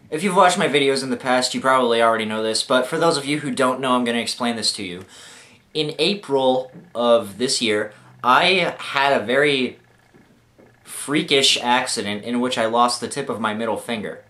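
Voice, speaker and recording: Young adult male vlogger, mid-range voice, animated self-deprecating storyteller. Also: mid-range voice. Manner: jokey, self-mocking, animated delivery. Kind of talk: comic storytelling to camera.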